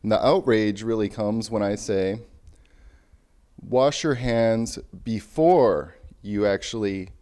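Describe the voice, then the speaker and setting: A young man delivering a deadpan, mock-serious rant, lecturing earnestly and pausing now and then to find his words. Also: fairly low pitch.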